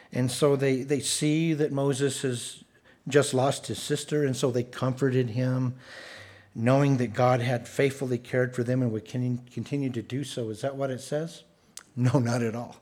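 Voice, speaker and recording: A man's voice: medium pitch, measured pace, a little mellow. A man preaching a conversational sermon, reading scripture aloud and adding sarcastic asides.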